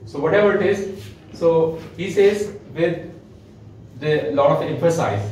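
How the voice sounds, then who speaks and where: Man, Pakistani English accent, instructor lecturing, slightly higher voice, heard from a distance in a very echoey room. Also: unhurried, darkish tone, a little hiss or hum. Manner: explanatory, frequent "uh" fillers, repeats key words for emphasis. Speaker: IELTS instructor. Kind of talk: classroom lecture. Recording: echoey room, mic far from speaker.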